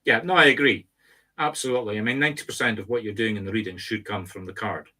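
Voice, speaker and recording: A man's voice: on the low side, fast talker, bright, forceful tone. A middle-aged man with a Scottish accent, co-hosting a casual chat, talking in an emphatic, instructive teacher's tone. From Scotland. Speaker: medium and co-host.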